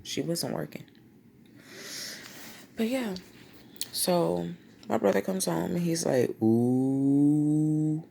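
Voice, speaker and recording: A woman vlogger telling a personal story, lively and slangy, acting out quotes. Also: lowish voice, slow, creaky, pauses often, a little hiss or hum. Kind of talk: storytime vlog.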